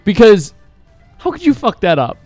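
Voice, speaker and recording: Young man, let's play commentator, crude jokes, excitable, fairly high voice, lively intonation, faint game music behind. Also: moderate pace, no room sound. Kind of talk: casual gaming commentary.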